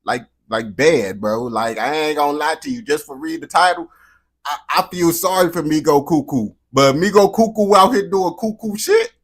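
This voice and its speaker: An American man hosting a reaction video, talking in a slangy, profane, animated way. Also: on the high side, normal speed, slightly rough. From United States. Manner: slangy, animated, swears constantly. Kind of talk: profane casual reaction commentary.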